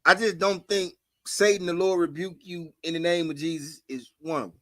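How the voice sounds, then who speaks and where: A man's voice: on the high side, steady tone, normal speed, sharp tone, dry recording, studio quality. A young man co-hosting a podcast, ranting in a heated, profane way and firing off repeated questions. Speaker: podcast co-host. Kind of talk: heated casual podcast talk.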